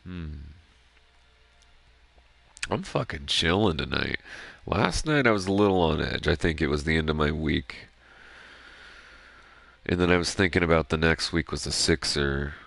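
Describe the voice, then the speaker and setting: Very deep, gravelly man chatting. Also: lively intonation, a little slow, pauses often, a bit bright, dry recording. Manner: rambling, swears freely, self-reflective. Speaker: gaming streamer. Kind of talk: casual chat while playing.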